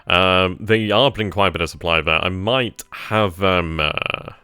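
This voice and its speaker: A man thinking aloud as he plays a strategy game, trailing off mid-sentence and bursting into giddy excitement at good news. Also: low voice, measured pace, smooth, no echo. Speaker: let's play gamer.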